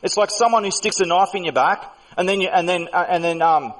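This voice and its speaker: A man's voice: high-pitched, fairly quick, fairly bright tone, recorded from a distance, rough recording. A man hosting a heated voice-chat debate, talking in an insistent, lecturing, argumentative way. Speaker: voice chat server host. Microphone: computer mic in voice chat.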